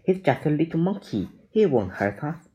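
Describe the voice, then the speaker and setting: A man's voice: fairly high pitch, very animated, normal speed, mellow, pitched above the performer's own voice, poor audio. A man reading aloud and voicing an eager, fearless young girl in a children's adventure story. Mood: excited.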